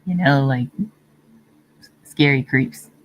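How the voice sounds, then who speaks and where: A woman hosting a casual livestream, answering viewer comments in a meandering, easygoing way with frequent pauses. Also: very deep voice, highs cut off. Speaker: livestream host. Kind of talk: casual live-stream chat, reading viewer comments.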